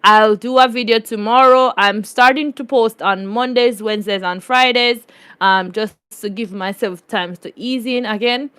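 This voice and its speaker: A woman's voice: a little high, fairly even intonation, moderate pace, fairly bright tone, clear, resonant tone. A woman with a Jamaican accent hosting a casual storytime vlog, laughing often and repeating catchphrases in patois. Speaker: YouTube host.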